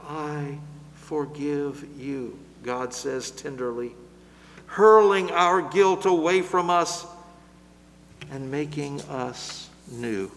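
Slow, measured man preaching in a reverberant hall. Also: fairly high pitch, lively intonation. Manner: slow, measured, swelling louder on lists then dropping soft. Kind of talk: sermon.

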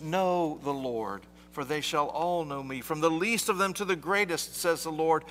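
A man preaching a sermon, telling a story slowly with deliberate pauses. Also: on the high side, fairly bright tone, a little hiss or hum. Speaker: pastor. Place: church. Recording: long reverb of a large hall.

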